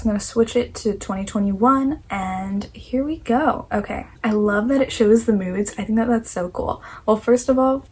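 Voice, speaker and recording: A woman's voice: mid-range voice, husky, low-quality recording. A young woman vlogging casually at home about the books she read, chatty and enthusiastic, thinking aloud as she goes. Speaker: book vlogger. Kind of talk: casual chat.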